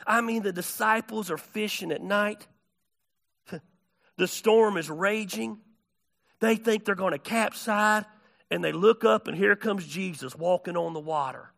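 A man preaching a sermon, telling stories with big swings between hushed and shouted delivery. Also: high voice, a little slow, vocal fry. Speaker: pastor.

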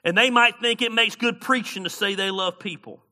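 A middle-aged man preaches with a strikingly bright, forceful voice that sits a little high for a man. He swings between loud preaching and quiet storytelling, with folksy slang. His delivery is that of a pastor giving a sermon. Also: moderate pace.

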